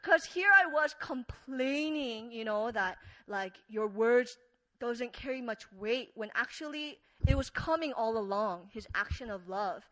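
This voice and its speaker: Earnest, slow-speaking woman preacher. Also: a little high, rough recording. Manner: earnest, storytelling, filler-heavy with wide swings in loudness. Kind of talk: conversational sermon.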